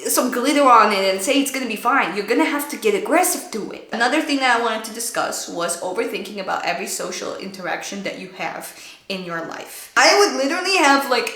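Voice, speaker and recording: A woman streamer giving blunt, profane advice in a casual storytime, often mock-yelling at the voice in her head. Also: fairly high pitch. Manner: blunt, profane, animated, mock-yells at her own thoughts. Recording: echoey room.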